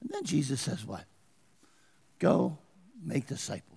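A man's voice: medium pitch, huge pitch swings, a little slow, creaky, a little mellow, slightly rough, long reverb tail. A man preaching a sermon as pastor, asking his congregation questions and pressing his points. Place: church.

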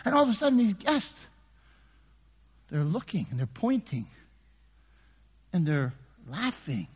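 Male preacher, husky voice, lively pitch, long hall reverb, conversational sermon. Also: a little slow, long pauses. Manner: conversational preaching that swings from hushed asides to shouted emphasis. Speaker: pastor.

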